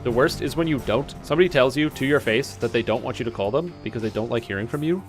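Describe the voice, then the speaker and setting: Young man, streamer, rapid rambling chat, faint game music behind. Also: medium pitch. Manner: rambling, chatty storytelling. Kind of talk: casual chat while gaming. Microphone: webcam-streaming setup.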